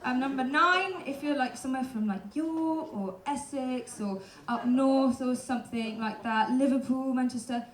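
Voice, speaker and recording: A young woman with a London accent doing live stand-up comedy in a pub room, listing cheeky tips in a deadpan way with lots of "um"s. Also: high-pitched, moderate pace, hardly any pauses. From London, England. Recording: echoey room, loud crowd laughter.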